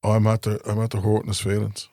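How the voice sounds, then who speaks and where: A man co-hosting a podcast, reminiscing in relaxed casual chat. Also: lowish voice, fast, no room sound, clean studio sound. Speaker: podcast co-host.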